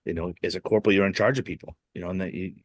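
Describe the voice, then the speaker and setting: A man's voice: sits low, steady tone, very fast, slightly rough, no echo. A man from Boston hosting a podcast, telling stories in a rambling casual way with many fillers and restarts. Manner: rambling storyteller, heavy "you know" fillers and self-restarts. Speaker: podcast host. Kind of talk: casual interview chat.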